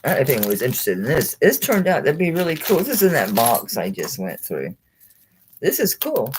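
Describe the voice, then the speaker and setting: A woman's voice: extremely low pitch, wildly swooping pitch, a little fast, background noise. A woman hosting a live jewelry sale stream, rambling chattily, thinking aloud, laughing often and talking to viewers by name. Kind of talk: casual live-stream selling chat.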